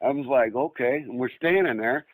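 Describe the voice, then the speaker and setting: A man's voice: mid-range voice, normal speed, rough recording. A man of about sixty from Northern Michigan, telling a long story as a guest in a rambling, casual way with many restarts. He acts out the lines of the people in his story. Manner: rambling, full of restarts, acts out quoted speech.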